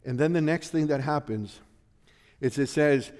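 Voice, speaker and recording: A man preaching a sermon, slow and emphatic, building to loud, pleading peaks and then falling low. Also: long reverb tail. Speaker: pastor.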